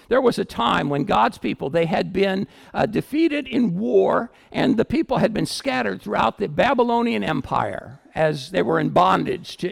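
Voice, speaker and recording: Lively, gravelly-voiced male preacher. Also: a little high. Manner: animated storytelling, swinging from loud to hushed. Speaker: pastor. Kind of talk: sermon. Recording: echoey hall with long reverb.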